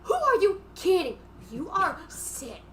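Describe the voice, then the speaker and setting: Woman putting on a huffy socialite lady, super high and swoopy, gets loud and bickery. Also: huge pitch swings, a little slow, full character voice. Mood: outraged. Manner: dramatic, indignant reality-show bickering. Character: brash defensive middle-aged socialite woman. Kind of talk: comic improvised reenactment.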